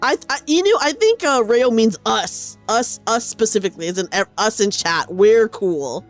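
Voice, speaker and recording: Animated, chatty woman streamer. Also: on the high side, moderate pace, soft background music. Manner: animated, chatty, reads chat aloud. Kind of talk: casual game stream commentary.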